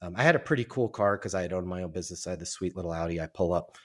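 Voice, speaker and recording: A man telling a story as a podcast guest, in a lively, animated way and acting out what people said. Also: low-pitched, rapid-fire. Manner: animated, lively storyteller who acts out quotes. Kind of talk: storytelling in a casual interview.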